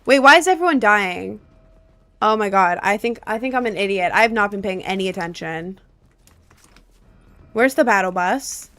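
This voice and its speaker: A woman streaming live gameplay who comments excitedly and keeps repeating her exclamations. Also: mid-range voice, moderate pace, long pauses, no room sound.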